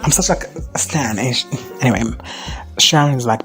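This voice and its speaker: A woman giving a casual, excitable recap of an episode, rambling with slang, filler words and swearing. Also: rumbling low, normal speed, faint music behind. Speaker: reaction vlogger.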